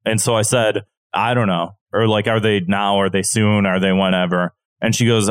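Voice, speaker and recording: A man co-hosting a podcast, telling stories in a rambling, halting casual chat. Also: lowish voice, fairly even intonation, clean tone, dry recording, studio quality. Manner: rambling storyteller with halting restarts. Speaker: podcast co-host.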